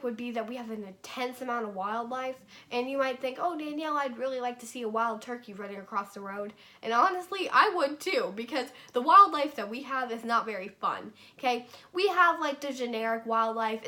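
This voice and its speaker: A woman's voice: on the high side, bright, forceful tone. A young woman from North Carolina talking casually to the camera in a rambling, filler-heavy vlog. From North Carolina, USA. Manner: chatty, rambling, filler-heavy with frequent likes and okays. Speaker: vlogger.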